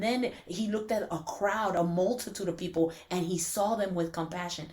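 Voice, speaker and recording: A woman in her forties co-hosting a casual faith podcast, telling stories with lots of laughter and many "like" fillers, sometimes going soft and hushed. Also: fairly low pitch, moderate pace, few pauses. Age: 40s. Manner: animated storyteller, laughs often, drops to a hushed tone when preaching. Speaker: podcast co-host.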